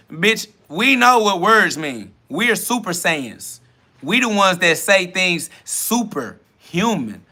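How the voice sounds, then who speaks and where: A man delivering a podcast sermon-rant with a bright, forceful edge to his voice and a pitch that sits a little above most men. He mocks and curses at his doubters and jumps between rapid-fire bursts and slow, stretched emphasis. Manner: combative, mocking, profane, preachy. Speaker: podcast host. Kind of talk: self-talk podcast monologue, preaching.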